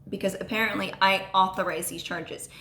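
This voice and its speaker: A woman telling a personal story on a vlog, halting and full of ums and restarts. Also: mid-range voice, fairly even intonation, pushed and bright, echoey room, slight background noise. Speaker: vlogger.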